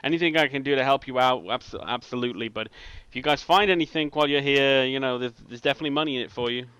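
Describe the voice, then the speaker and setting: A brash, wheeling-dealing tabloid boss, played by a man at the game table. He talks in fits and restarts in a bright, clear voice. The sound is dry and close. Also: medium pitch, no room sound, lightly acted. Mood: brusque. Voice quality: halting, full of restarts.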